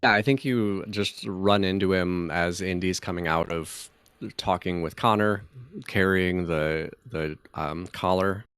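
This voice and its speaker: Man game master, smooth low voice, dry sound. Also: measured pace, fairly bright tone, dry recording. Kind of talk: casual tabletop narration.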